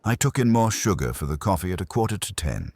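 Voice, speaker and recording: A man's voice: sits low, very animated, fast, a little mellow, dry recording, voice pushed up, exaggerated voice. A man voicing a timid young parlour maid who speaks hesitantly and apologetically.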